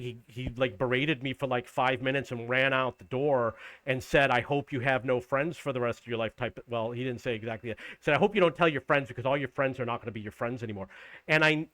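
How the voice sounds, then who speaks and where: In a casual vlog, a man in his fifties rants indignantly about his day, quoting people in an exasperated, raised voice. His voice is mid-range and a bit bright, and the recording is dry.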